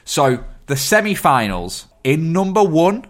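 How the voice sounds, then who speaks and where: A man's voice: fairly high pitch, big pitch swings, a little slow. A man, co-hosting a film podcast in casual chat and announcing results. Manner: upbeat, announcing. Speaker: podcast co-host.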